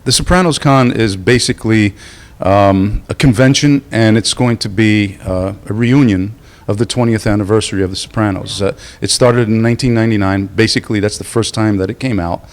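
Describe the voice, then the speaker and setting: Guest interviewee, male, lowish voice, halting and casual, lots of "uh". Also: fairly even intonation. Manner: halting, many fillers and restarts. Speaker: convention co-founder, interview guest. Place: club venue at an event.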